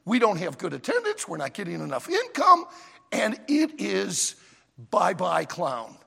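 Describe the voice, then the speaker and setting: A man's voice: high voice, wildly swooping pitch, a little slow, vocal fry, sharp tone, husky, exaggerated voice. A man voicing a blunt male circus manager, curt and matter-of-fact, with long hall reverb. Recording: long reverb of a large auditorium.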